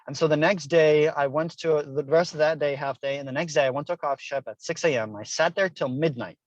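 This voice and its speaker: A man's voice: on the high side, fairly quick, no echo, muffled recording. A middle-aged man, a guest author, telling a personal story with earnest feeling and acted-out dialogue. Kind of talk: interview storytelling. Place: Hilo, Hawaii.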